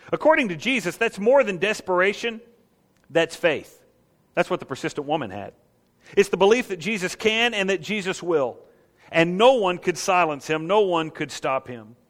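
A man preaching a sermon in an animated way, asking the congregation rhetorical questions and acting out the scene. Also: sits high, long reverb tail. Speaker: pastor.

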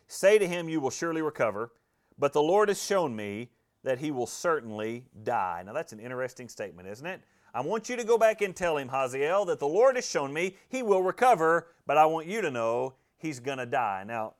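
A man preaching an expository sermon, reading scripture and acting out the quoted lines, swinging from loud emphasis to hushed intensity. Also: a little high. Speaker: pastor.

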